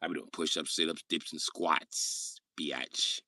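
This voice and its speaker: A man putting on the voice of a loud, aggressive young man who curses while demanding money he is owed. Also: rumbling low, fairly even intonation, measured pace, dry recording, clean studio sound, distant mic, pitched below the performer's own voice, exaggerated voice. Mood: threatening. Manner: shouting, profane, bullying.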